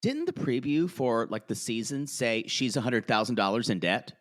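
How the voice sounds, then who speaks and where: A man co-hosting a podcast, chatting casually about reality TV and laughing often. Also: mid-range voice. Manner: giggly, animated, drawn-out delivery. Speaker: podcast co-host.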